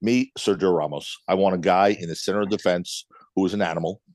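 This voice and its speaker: A middle-aged man with a Brooklyn accent, a guest telling blunt, animated stories with some swearing in a casual interview. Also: sits low, fast, no echo. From United States. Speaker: guest, club owner.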